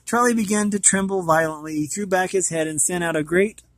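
A man reading a storybook aloud at a steady pace. His voice is a little higher than most men's and sounds close and dry. He often trips over words and goes back to fix them. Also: fairly quick, no room sound. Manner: stumbling, often correcting himself mid-sentence. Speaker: storybook reader.

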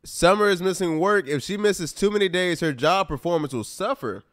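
A man's voice: high-pitched, normal speed. A man doing casual let's-play commentary on a life-simulation game, exasperated and talking straight to his viewers. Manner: animated, exasperated, talks to viewers as y'all. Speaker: gaming YouTuber.

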